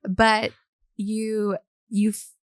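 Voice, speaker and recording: Upbeat woman host, mid pitch, laughs easily, dry close-mic sound. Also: completely flat delivery, drawn-out words, clear, resonant tone, no echo. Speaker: podcast host. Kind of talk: casual interview chat.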